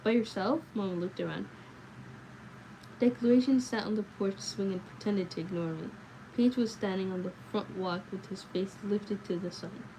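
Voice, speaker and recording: Mellow-voiced woman reading a novel aloud. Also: mid-range voice, normal speed, slight background noise, rough recording. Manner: steady reading with small slips and self-corrections. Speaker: livestream book reader.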